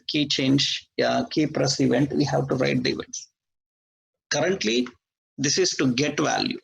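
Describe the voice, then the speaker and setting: Man with a gravelly voice teaching code. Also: on the high side, a bit bright, low-quality recording. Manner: explains step by step, spells out names letter by letter. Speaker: programming instructor. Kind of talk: live coding lesson.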